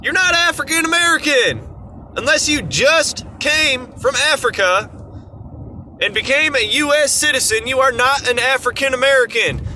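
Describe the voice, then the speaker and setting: Sharp-voiced ranting man. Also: very high voice, slight background noise. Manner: exasperated, ranting, sarcastic. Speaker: vlogger. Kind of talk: opinion rant to camera.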